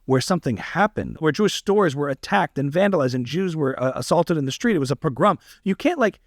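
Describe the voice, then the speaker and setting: A man's voice: a little high, fairly quick, dry recording, clean studio sound. A man, a comedian guest on a podcast interview, talking animatedly and emphatically. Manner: animated, slips into impressions, emphatic.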